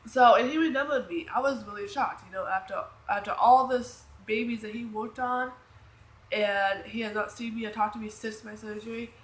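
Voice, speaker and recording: A woman's voice: a little high, fairly even intonation, normal speed. Woman vlogger telling her story in an echoey room. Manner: rambling, emotional, many fillers and restarts. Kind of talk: casual storytelling. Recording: echoey room with faint noise.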